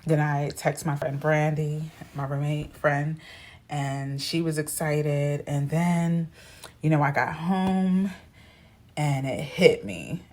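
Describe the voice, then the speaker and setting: Vlogger, low-pitched woman animated, chatty storytelling straight to camera. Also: takes it slowly. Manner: chatty, animated, acts out quoted voices.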